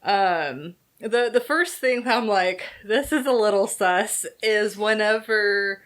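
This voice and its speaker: A woman's voice: mid-range voice, slow, a bit bright. A woman co-hosting a movie review show in casual chat, hesitant and giggly, often hedging.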